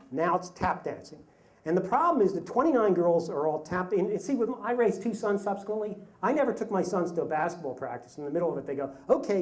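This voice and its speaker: A man in his fifties telling a comic personal story live on stage, with self-mocking humor and halting restarts. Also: sits high, a little mellow. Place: stage before a live audience.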